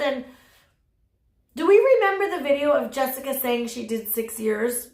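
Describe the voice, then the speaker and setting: A woman's voice: high voice, very animated, moderate pace, long pauses, a little mellow, reverberant. A woman giving casual drama commentary, blunt and sassy, swearing freely and laughing at her own jokes. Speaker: commentary YouTuber.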